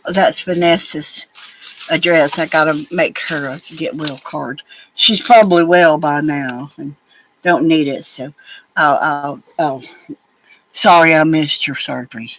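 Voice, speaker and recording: A woman's voice: deep voice, unhurried, a bit bright, slight background noise, rough recording. A woman, chatting casually and rambling as she works on crafts at home, now and then talking to her pets. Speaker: crafting vlogger. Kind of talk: casual chat while crafting.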